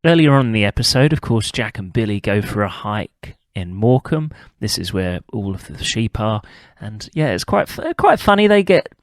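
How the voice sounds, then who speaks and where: A man recapping a television episode on his podcast in a relaxed, chatty way, tacking tag questions onto his remarks. His voice sits low. The recording is dry, with no room echo. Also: normal speed, hardly any pauses. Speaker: podcast host. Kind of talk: casual TV-episode commentary.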